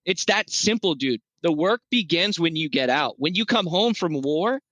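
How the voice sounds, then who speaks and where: A man's voice: a little high, moderate pace, no echo. A man talking as a podcast guest in loose, profane conversation, often restarting his sentences. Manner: animated, profane, rambling with restarts. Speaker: podcast guest, veterans' nonprofit founder.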